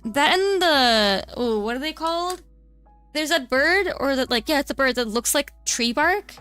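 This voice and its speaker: A young woman streams while she draws and chats casually, rambling from thought to thought with lots of fillers and restarts. Her voice sits a little high, bright and very clear, with faint music playing behind her. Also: lively intonation, moderate pace. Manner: rambling, many fillers and self-interruptions. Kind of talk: casual chat while drawing.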